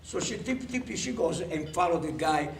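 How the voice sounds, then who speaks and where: A man's voice: a little high, lively intonation, moderate pace. A man telling a stand-up joke, acting out both people in it with changing voices and chuckles. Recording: roomy, distant, faint noise.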